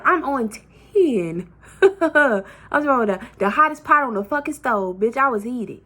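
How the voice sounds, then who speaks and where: A woman vlogger telling a heated, profane storytime in a casual, animated way. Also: high voice, unhurried.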